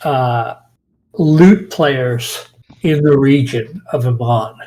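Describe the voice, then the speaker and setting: Slow-talking man running a tabletop game. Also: mid-range voice, rough recording. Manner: relaxed, pausing with frequent fillers. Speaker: dungeon master.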